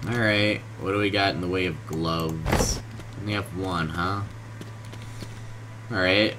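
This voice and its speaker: A man giving casual gameplay commentary, low-key and monotone, groggy from just waking up, in his bedroom. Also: slow. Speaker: gaming video host. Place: hot bedroom with a fan. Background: fan and keyboard noise.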